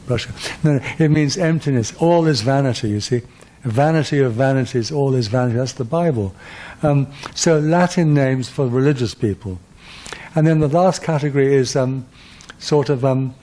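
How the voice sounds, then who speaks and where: A man's voice: medium pitch, warm tone. An older man giving a chatty, digressive public lecture, full of asides and you-knows.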